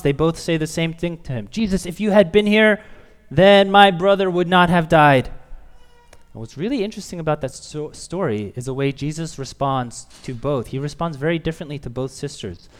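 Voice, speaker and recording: Man preaching in a reverberant hall. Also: mid-range voice. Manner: earnest preaching with swells of emphasis and quiet drops. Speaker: pastor. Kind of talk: sermon.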